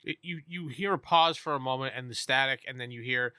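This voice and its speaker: Male game master, bright tone, close dry mic, relaxed hesitant narration. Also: mid-range voice, brisk, clean tone, no room sound.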